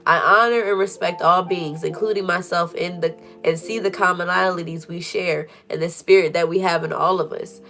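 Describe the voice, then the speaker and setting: Earnest woman giving a tarot reading. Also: lowish voice. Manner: earnest, preachy, repeats phrases for emphasis. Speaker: tarot reader. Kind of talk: casual spiritual tarot reading.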